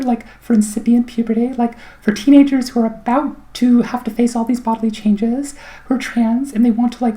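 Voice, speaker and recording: Chatty middle-aged woman, mellow voice. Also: on the high side. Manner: chatty, rambling, wry, many fillers. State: throat clogged, clearing it often. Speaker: vlogger. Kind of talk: casual personal update.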